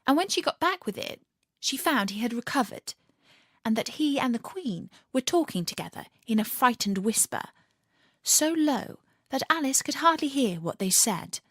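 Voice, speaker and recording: A woman reading a children's storybook aloud in an expressive, animated way. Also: sits high, moderate pace, dry recording, studio quality.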